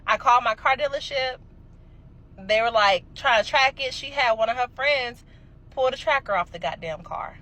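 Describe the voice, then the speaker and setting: Young woman, slightly high voice, casual storytime, animated, emphatic, swears a lot. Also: normal speed, low-quality recording.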